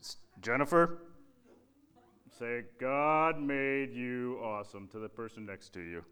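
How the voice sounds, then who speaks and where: A man voicing a cheerful male church puppet who preaches a children's sermon in a put-on Southern preacher accent, with a showy, drawn-out delivery. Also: fairly low pitch, sing-song, fairly bright tone, clean tone. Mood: playful.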